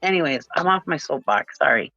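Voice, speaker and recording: A woman's voice: low voice, animated, a little fast, vocal fry, sharp tone, no room sound, lo-fi sound. A middle-aged woman from Minnesota, ranting with passion as a guest on a livestream panel. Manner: impassioned, ranting.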